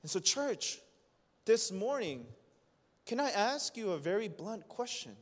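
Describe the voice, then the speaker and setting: Slow impassioned male preacher. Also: high-pitched, big pitch swings. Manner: impassioned, rising to loud emphatic preaching. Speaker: pastor. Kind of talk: sermon. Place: church sanctuary. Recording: long reverb of a church hall.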